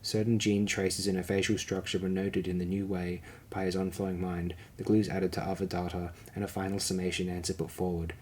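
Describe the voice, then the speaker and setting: Deep-voiced guy reading an audiobook, steady and measured, faint hiss. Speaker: audiobook narrator. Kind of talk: audiobook narration.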